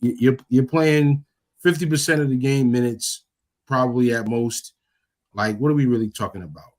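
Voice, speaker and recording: A man co-hosting a casual sports podcast, talking in an animated way and repeating words as he pushes his point. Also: medium pitch, moderate pace. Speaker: podcast co-host.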